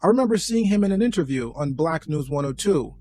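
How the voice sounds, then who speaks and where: A man's voice: on the high side, expressive, fast talker, a little mellow, no room sound. Sarcastic man narrating a commentary. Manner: dry, sarcastic. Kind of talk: scripted commentary voice-over.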